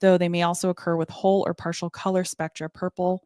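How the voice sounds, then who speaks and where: A woman's voice: on the low side, little pitch movement, fast, dark tone, dry recording, clean studio sound. A woman co-hosting a podcast, reading out researched notes with ums and small hesitations in casual chat. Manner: reads out research with fillers and hesitations. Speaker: co-host. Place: home studio.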